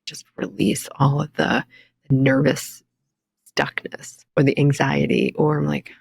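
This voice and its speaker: A woman's voice: deep voice, level tone, a little slow, creaky, breathy edge, dry recording, studio quality. A woman in her forties, a recovery coach and podcast guest, speaking earnestly and reflectively in a candid interview. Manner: earnest, reflective, quotes her own inner voice.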